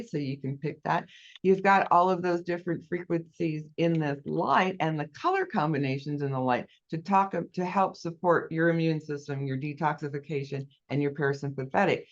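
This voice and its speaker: A guest in a casual interview, earnestly explaining a product step by step. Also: mid-range voice. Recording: dull lo-fi audio.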